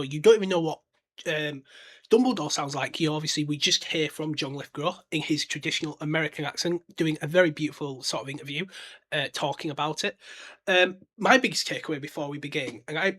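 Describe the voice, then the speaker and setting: A man's voice: on the high side, a bit bright. Chatty man hosting a podcast. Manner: chatty and blunt, with frequent fillers and restarts. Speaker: podcast host. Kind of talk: casual solo podcast commentary.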